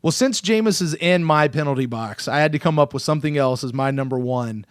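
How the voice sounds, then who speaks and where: A man's voice: on the high side, a little fast, clear, resonant tone, dry recording. Guy in his 30s hosting a sports podcast, gets fired up, stumbles and restarts, dry close sound. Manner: excitable, animated, self-interrupting. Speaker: podcast host. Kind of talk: casual sports podcast chat.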